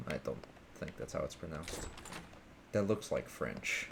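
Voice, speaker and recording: A man's voice: rumbling low, expressive, unhurried, gravelly, noisy background. A man streaming a video game live, making profane, joking asides as he plays. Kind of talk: live gameplay commentary. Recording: game music loud underneath. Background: game music.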